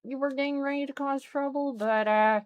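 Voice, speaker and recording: A woman's voice: high voice, steady tone, normal speed. A woman streaming a game, chatting casually and exclaiming as she plays. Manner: chatty, exclaims and reacts aloud. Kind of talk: casual let's-play chat.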